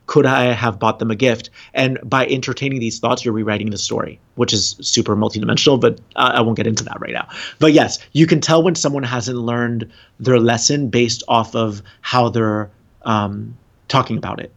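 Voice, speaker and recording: As a podcast guest, a man talks earnestly about relationships and spirituality, rambling and laughing often in casual conversation. His medium-pitched voice is steady, with vocal fry and a moderate pace. The lo-fi recording sounds dull.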